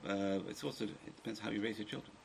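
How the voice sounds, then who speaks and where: An older man teaching a religious class, lecturing a small group in an animated way with restarts and asides. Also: lowish voice, fast talker, creaky, a crowd in the background.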